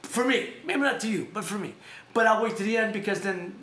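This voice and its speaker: A man's voice: high voice, a little fast, pushed and bright. A man hosting a casual talk show, rambling and repeating himself as he plugs sponsors. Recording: echoey room.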